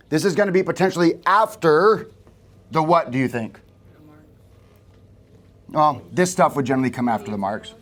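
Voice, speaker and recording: Man coaching a room of salespeople. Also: on the high side. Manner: conversational, asks the room questions. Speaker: sales trainer. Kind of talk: live sales training talk. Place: office training room.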